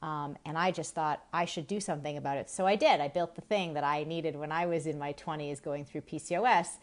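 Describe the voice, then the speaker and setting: A woman's voice: deep voice, steady tone, fairly quick. A woman from Massachusetts in her forties, hosting a live stream on women's health, chatting and laughing as she greets viewers by name.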